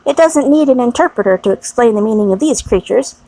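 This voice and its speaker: A woman voicing a fussy, fiercely loyal older English maid in an audiobook reading, brisk and emphatic. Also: fairly high pitch, expressive, mellow, dry recording, poor audio. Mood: indignant.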